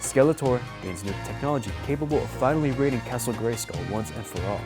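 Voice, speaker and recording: A man's voice: mid-range voice, animated, quick pace, music in the background. A teenage boy presenting a scripted entertainment recap for a school news show in an upbeat announcer style. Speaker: student news reporter.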